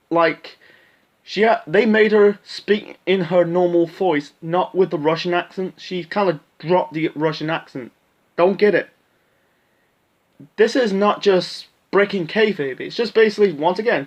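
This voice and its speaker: A man's voice: high-pitched, lo-fi sound. A man giving a casual, profane show recap rant, blunt and full of fillers like "you know". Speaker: wrestling commentator.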